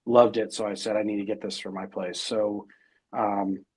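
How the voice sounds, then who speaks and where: A man's voice: lowish voice, flat delivery, moderate pace, a little mellow, husky. A middle-aged man as interview guest, talking casually and rambling with many fillers and restarts.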